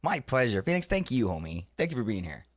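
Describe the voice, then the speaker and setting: A man in his thirties chatting casually on a live stream, laughing often and swearing in excited outbursts. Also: mid-range voice, fast. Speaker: livestreamer.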